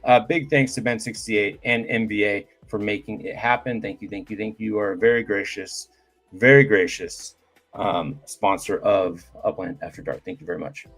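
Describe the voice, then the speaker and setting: A man's voice: lowish voice, fairly even intonation, moderate pace, fairly bright tone, faint music behind. Loose, joking male podcast host. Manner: loose, joking, lots of fillers, swears. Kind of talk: casual live-stream podcast chat.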